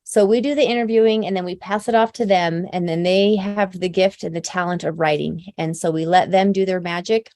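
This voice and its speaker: A woman's voice: lowish voice, fairly even intonation, a little fast, few pauses, a little mellow, no echo, clean studio sound. Chatty, upbeat woman founder on a video call. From Idaho, USA. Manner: chatty, upbeat, runs through lists with many fillers; openly emotional, admits she tears up easily. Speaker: company founder presenting to her team. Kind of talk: casual team presentation.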